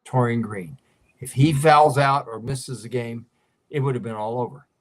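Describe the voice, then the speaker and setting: A man's voice: mid-range voice, normal speed. A man who is a sports writer, a guest on a talk show, eagerly recounting game details in casual chat.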